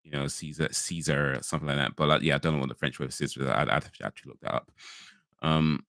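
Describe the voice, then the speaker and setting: A man from England chats loosely to his stream viewers, circling back on himself and laughing at his own asides. His voice sits very low yet comes across bright and forceful. The sound is dry and close, with no room around it. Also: very fast, gravelly, no room sound. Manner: rambling, frequent restarts and fillers, laughs easily. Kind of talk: casual live-stream chat.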